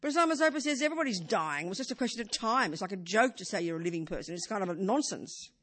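An older woman giving an informal Buddhist teaching in a medium-pitched, conversational voice. She sprinkles in "you know," asks her listeners rhetorical questions, and moves between emphatic lines and quiet, hushed ones. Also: expressive, fast. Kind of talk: informal dharma talk.

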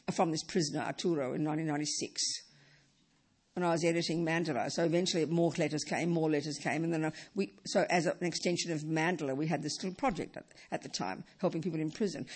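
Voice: mid-range voice, slightly rough. A middle-aged Buddhist teacher giving a dharma talk, emphatic and repeating key phrases.

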